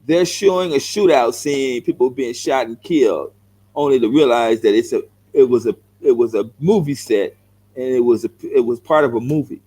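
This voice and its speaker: A middle-aged man from South Central LA with a Los Angeles accent talks at normal speed in a medium-pitched, dark, slightly rough voice. As a vlogger, he rants heatedly at the camera in response to viewer comments, bluntly confrontational, repeating himself and saying "bro." The audio is poor.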